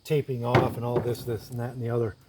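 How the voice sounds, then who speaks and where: In a very noisy recording, a man with a mid-range voice speaks fast in a completely flat delivery. A woodworker and video host, he narrates casually in his woodshop as he works, thinking aloud and explaining each step as he goes.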